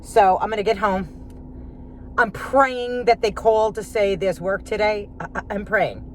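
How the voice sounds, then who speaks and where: In a casual vlog rant, a woman with a medium-pitched voice talks a little slowly, sarcastic and chatty as if to friends. She moves from her car and the grocery store to her home kitchen, with a little hiss or hum on the phone recording.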